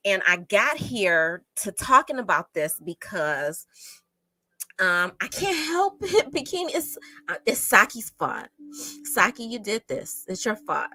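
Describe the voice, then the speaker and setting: A woman's voice: medium pitch, big pitch swings, unhurried, pushed and bright, dry recording, rough recording. A woman, a teacher, hosting a casual true crime livestream, chatty and emotional, close to tears as she greets viewers in the chat.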